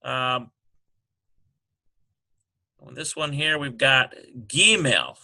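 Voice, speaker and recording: A man slowly working through a language exercise, sounding out syllables and spelling letters one by one. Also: mid-range voice, creaky, pushed and bright. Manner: slow and halting, sounding out syllables. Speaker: Hebrew teacher. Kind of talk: screen-recorded lesson walkthrough.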